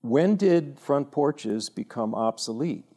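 A man in his sixties speaking to a younger audience in an animated, rambling storytelling way, full of fillers and restarts. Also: mid-range voice, slow pace, husky. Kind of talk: informal talk with anecdotes.

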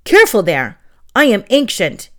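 A woman's voice: mid-range voice, huge pitch swings, moderate pace, a bit bright. A woman voicing a fussy, ancient male talking spellbook that lisps and complains. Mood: indignant. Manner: lisping, complaining, hissy.

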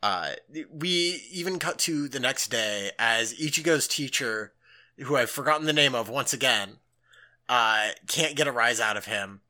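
Man, very bright tone, chatty and animated podcast co-host, lots of "like". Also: medium pitch, a little slow. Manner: animated, filler-heavy, acts out quotes. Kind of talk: casual recap chat.

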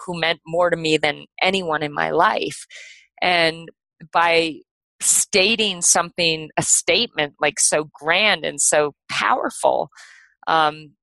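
Bright-voiced woman telling her story. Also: fairly low pitch, no room sound, low-quality recording. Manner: animated, laughing, lots of "like" and "you know". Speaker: podcast guest. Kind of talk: casual storytelling.

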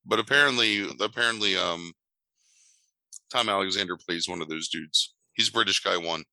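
A man's voice: low voice, a little slow, creaky, long pauses, bright, forceful tone, no room sound, low-quality recording. A man co-hosting a podcast in casual chat, sardonic and mocking, with frequent exclamations. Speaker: podcast co-host.

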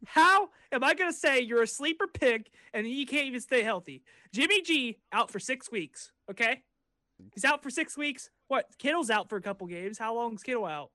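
Young male co-host, very high and bright, playful mock outrage, dry close mic. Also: expressive, normal speed, dry recording. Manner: playfully exasperated, mock-complaining. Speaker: podcast co-host. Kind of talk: casual sports chat.

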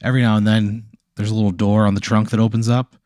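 Low-voiced man spinning a casual tale. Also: little pitch movement, quick pace, a little mellow, no room sound, studio quality. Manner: casual, profane, rambling narration. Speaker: host running the hypothetical. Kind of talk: improvised comedic storytelling.

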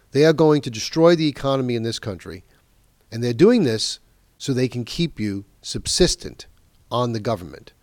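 This talk radio host, a man with a mid-range and slightly mellow voice, delivers an emphatic, indignant monologue on a political talk show, pressing hard on key words. There's no room sound in the recording.

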